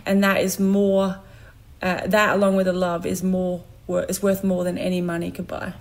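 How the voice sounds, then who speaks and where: A woman's voice: on the low side, completely flat delivery, moderate pace, a little mellow. An Australian woman in her thirties, a guest in a casual chat who tells stories and laughs as she goes. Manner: chatty storyteller who laughs while telling stories.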